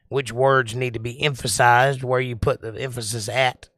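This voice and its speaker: Male stream host, bright clear voice, deliberate sing-song delivery, dry close mic. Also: mid-range voice, steady tone, no room sound. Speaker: livestream host. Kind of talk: casual chat reading viewer comments.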